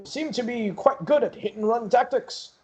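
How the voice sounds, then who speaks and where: A man voicing a worried male village elder in a tabletop game, talking hesitantly with many pauses. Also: very high voice, warm tone, lo-fi sound, pitched above the performer's own voice.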